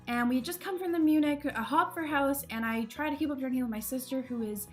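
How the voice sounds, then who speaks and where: A young woman with a high, bright-pitched voice tells stories about her own mishaps straight to camera, chatty and self-mocking, often breaking into laughter. Soft music plays faintly underneath. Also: fast talker. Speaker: vlogger. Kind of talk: casual storytelling to camera.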